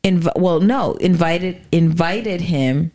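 A woman in a relaxed chat, her voice sitting a little low. She sounds skeptical and keeps asking questions, restarting her sentences as she works things out. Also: slow pace. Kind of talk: casual chat. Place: Charlotte area, US.

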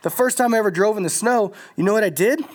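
A man's voice: high-pitched, fast. A young man from Louisiana leading a college group, telling stories in a casual, rambling sermon full of filler words and restarts. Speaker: college ministry leader. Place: in front of a live group.

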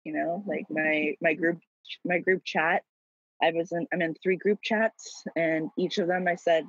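A young woman with a husky, slightly low voice tells a personal story with lively, dramatic flair and frequent laughter. The recording sounds dull and dry. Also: a little slow, no room sound. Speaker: guest telling a story.

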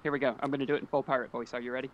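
A man co-hosting a casual podcast walks through a book's plot, tossing in dry, wry asides as he goes. His voice sits in an ordinary middle pitch. The recording is close and dry, with almost no room sound. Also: level tone, dry recording, dull audio. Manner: quick summary delivery with wry asides. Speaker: podcast co-host summarizing a book.

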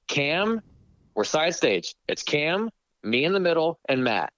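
A man's voice: a little high, unhurried, no echo. A man telling a story in a casual chat, swearing constantly and acting out the people he quotes. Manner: profane, animated storytelling with quoted voices. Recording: dull lo-fi dry sound.

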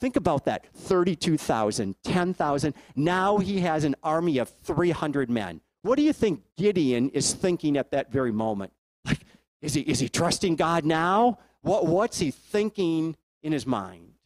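A man's voice: on the high side, very animated, a little slow, no room sound. A man preaching a sermon, retelling a Bible story and putting questions to his listeners.

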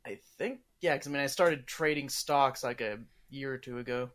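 A man's voice: mid-range voice, normal speed, a bit bright. A man chatting casually online, making dry, matter-of-fact remarks. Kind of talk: casual online group chat.

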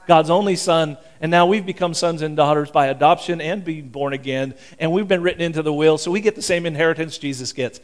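Speaking briskly with a slightly high voice, a male pastor gives a sermon in church. His delivery is animated, conversational, and fervent, with many restarts.

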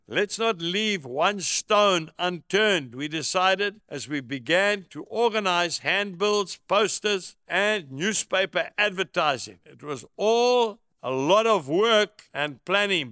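A man's voice: high voice, pushed and bright, no echo, studio quality. A man narrating a first-person memoir as an audiobook, in an earnest, reflective way.

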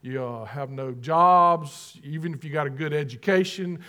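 A middle-aged man preaching a sermon as a guest pastor, acting out dialogue with God in an animated way. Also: on the high side, moderate pace.

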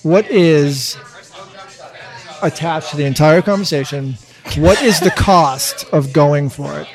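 A man's voice: a little high, slow pace, faint music behind. Teasing man asking probing questions. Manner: teasing, asks probing questions, swears casually. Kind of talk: casual chat.

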